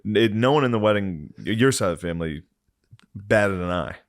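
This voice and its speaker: A man from Chicago co-hosts a podcast in a lowish voice that swings widely as he jokes. He teases his friend with deadpan lines and breaks into laughter. The sound is close and dry. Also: normal speed, dry recording. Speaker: podcast co-host. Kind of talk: casual chat.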